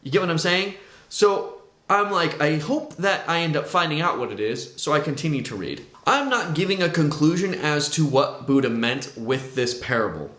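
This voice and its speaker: A man talking through a personal testimony in a conversational, animated storytelling way. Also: on the high side, moderate pace, roomy sound. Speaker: vlogger sharing his testimony.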